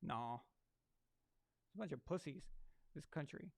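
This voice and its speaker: A man's voice: a little high, expressive, unhurried, gravelly. A man hosting a live sports stream, ranting crudely and mockingly while he watches a game. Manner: mocking, sarcastic asides. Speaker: sports livestream host.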